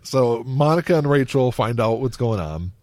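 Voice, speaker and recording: This podcast co-host rambles through casual conversation and laughs a lot. His mid-range voice is a little mellow, with lively intonation at a moderate pace. The audio is clean studio sound with no room tone.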